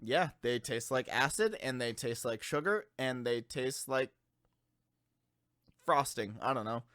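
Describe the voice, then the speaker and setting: A young man co-hosting a comedy podcast, joking and laughing in casual back-and-forth. His voice is bright and a bit tense, with lively jumps in pitch. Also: unhurried. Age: young adult. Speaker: podcast co-host.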